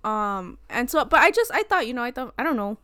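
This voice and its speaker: A young woman co-hosting a podcast, chatting casually, excitable and giggly with lots of fillers. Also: a little high, a little fast, clean tone, no echo, clean studio sound. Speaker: podcast co-host. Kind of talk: casual chat.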